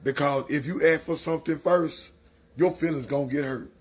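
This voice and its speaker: A man's voice: fairly high pitch, normal speed, breathy edge. A man giving a preachy opinion monologue, lecturing in colloquial speech. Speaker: commentator.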